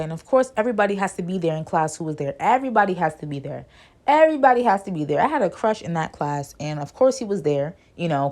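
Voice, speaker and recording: A young woman, telling a story from her school days in a casual, indignant way, her voice jumping high when she gets worked up.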